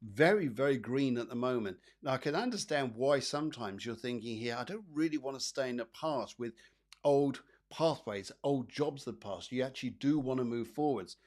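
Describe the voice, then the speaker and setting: A man's voice: medium pitch, lively intonation, moderate pace. A man hosting a live psychic show, giving chatty, rambling readings and often repeating his phrases. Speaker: psychic medium host.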